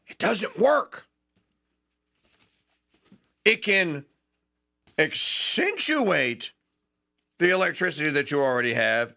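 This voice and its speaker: A male talk radio host with a fairly high, bright, forceful voice. He rants in a mocking, sarcastic way. He rushes some phrases and drags out others for emphasis. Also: lively intonation, vocal fry. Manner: fast bursts mixed with slow, stressed phrases. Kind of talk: opinionated talk radio monologue.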